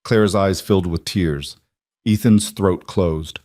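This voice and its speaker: A man narrating a scripted romantic story in a calm, even way. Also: low voice, a little slow, dry recording, clean studio sound.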